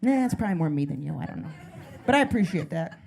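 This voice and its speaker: A woman comedian on a club stage, doing crowd work and a stand-up set in a neurotic, self-deprecating way, breaking into loud mock panic. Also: deep voice, sing-song, quick pace, gravelly. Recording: live club recording with audience noise.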